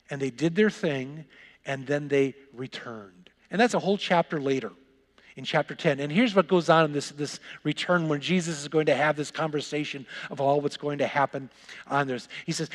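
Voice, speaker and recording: A man preaching a sermon as pastor, dropping soft and low for reflection and rising loud and excited when he retells scripture. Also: moderate pace, long reverb tail.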